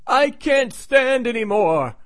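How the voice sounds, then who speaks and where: A man's voice: very high-pitched, sing-song, measured pace, a bit bright, voice pushed up, exaggerated voice. A man voicing a distraught grown man who is losing his grip.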